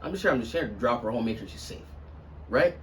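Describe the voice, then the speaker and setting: A man casually telling a long personal story on a podcast, acting out everyone in it with sudden loud, high-pitched bursts. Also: fast, recorded from a distance, slight background noise. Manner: animated, swings into loud high-pitched quotes of others.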